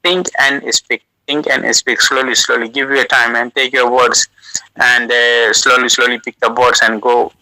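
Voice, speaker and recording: Speaking at medium pitch in a level but sharp, forceful tone, a UK resident whose first language is South Asian shares casual language advice as a call guest. He talks slowly, hesitating with uh and restarting phrases. The rough recording sounds dry and close, without echo.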